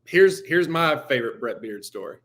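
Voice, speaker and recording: A man appearing as a guest sports reporter in casual talk, chatty and quick to laugh through his anecdotes. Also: medium pitch, sing-song, fairly bright tone.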